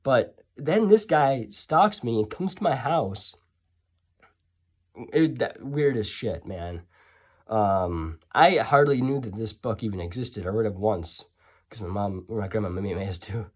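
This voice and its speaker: A man's voice: on the low side, animated, measured pace. A man telling a story in a casual, rambling way, full of sarcastic asides and self-corrections.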